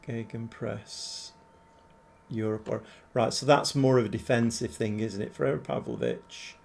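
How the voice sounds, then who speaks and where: Slow, rambling man in his seventies. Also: medium pitch, creaky, slight background noise. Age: 70s. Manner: rambling, chatty, thinks aloud, answers viewers. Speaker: gaming livestreamer. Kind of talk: live game commentary and chat.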